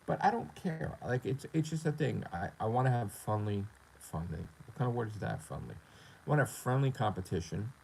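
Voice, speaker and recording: A man's voice: mid-range voice, sing-song, brisk, creaky, darkish tone, slight background noise, poor audio. A man talking casually on his gaming livestream in a profane, boastful, rambling way. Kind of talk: casual live-stream rant.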